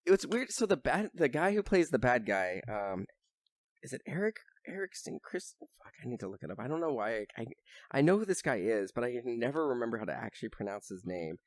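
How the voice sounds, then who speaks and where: A man's voice: medium pitch, sing-song, fairly quick, no echo. A young man chatting on a podcast, rambling with lots of fillers and now and then swearing as he gets worked up. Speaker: podcast host. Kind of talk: casual chat.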